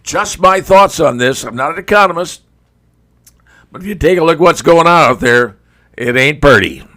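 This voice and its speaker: A man's voice: fairly high pitch, animated, moderate pace, sharp tone. A male talk show host giving a folksy, conversational opinion monologue, speaking straight to his viewers.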